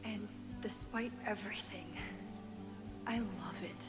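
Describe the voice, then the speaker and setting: An actress voicing a young woman photographer who now teaches at a college, speaking softly and earnestly over game music. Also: medium pitch, takes it slowly, natural voice. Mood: reflective. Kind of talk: game dialogue.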